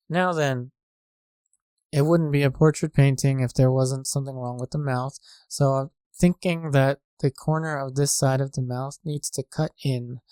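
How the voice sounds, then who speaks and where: A man calmly narrating a painting tutorial in a measured way, often pausing with fillers as he works. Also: medium pitch, clean tone, no echo. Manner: calm, measured, with frequent fillers. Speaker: painting instructor. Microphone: desk microphone.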